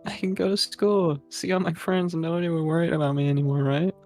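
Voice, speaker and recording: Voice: mid-range voice, fast, darkish tone, soft background music, voice pushed up, natural voice. A game player reading the lines of a fragile teenage girl who forces herself to sound cheerful, with little acting. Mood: pleading. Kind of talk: reading game dialogue aloud.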